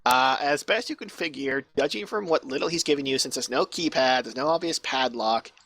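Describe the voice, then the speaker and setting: A man's voice: mid-range voice, brisk, fairly bright tone. A man narrating as game master over voice chat, in a loose, chatty way with many fillers. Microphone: online voice chat mic.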